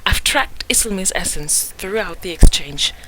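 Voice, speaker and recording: A woman voicing a fussy, self-important woman researcher, hushed and precise. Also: medium pitch, expressive, moderate pace, whispered, close to an everyday voice, low-quality recording. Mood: lecturing.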